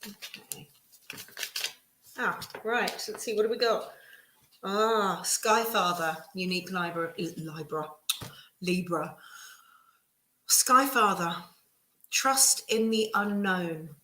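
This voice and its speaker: A woman giving a casual live tarot reading, reassuring and chatty with many pauses and restarts. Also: medium pitch, sharp tone, slight background noise. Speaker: tarot reader. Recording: echoey room.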